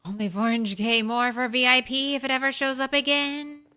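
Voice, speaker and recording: A woman's voice: high-pitched, level tone, moderate pace, pushed and bright, clear, resonant tone. A woman streamer chatting casually with her viewers while playing a game, rambling and talking to chat. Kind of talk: casual gameplay commentary.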